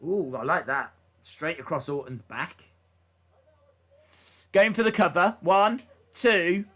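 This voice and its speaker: A man's voice: a little high, slow, fairly bright tone. A young man livestreaming a watch-along, calling wrestling moves and reading viewer chat in a casual way, full of "uh" fillers. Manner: casual, frequent "uh" fillers, reads chat aloud. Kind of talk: live play-by-play wrestling commentary.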